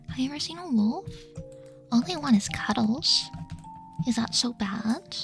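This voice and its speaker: A high-voiced woman streamer talking in a close-miked ASMR whisper, playful and doting as she answers her chat. Her tone has a gravelly fry at the edges, with faint music beneath. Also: lively intonation, measured pace, long pauses. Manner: soft, doting and playful, reading chat questions aloud. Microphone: very close to the mic.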